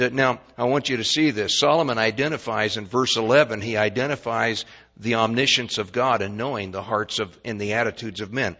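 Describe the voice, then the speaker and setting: A man's voice: lowish voice, sharp tone, muffled recording. An older man preaching a sermon as a pastor, in a folksy way, with stammered restarts and questions to the congregation.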